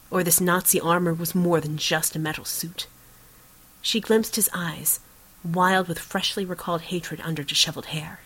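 Woman narrating with a husky low voice. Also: a bit bright, rough recording. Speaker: audiobook narrator. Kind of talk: scripted narration.

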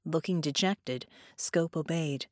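A woman reading a science-fiction story aloud as narrator, in a steady storytelling manner. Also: deep voice, slow pace, no room sound, clean studio sound. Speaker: audiobook narrator. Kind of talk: scripted narration.

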